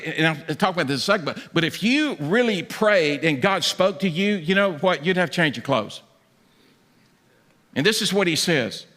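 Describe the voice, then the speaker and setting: A man's voice: high voice, fairly bright tone. A man pastor preaching a conversational sermon from a church stage, acting out the voices he quotes. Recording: long reverb of a large hall.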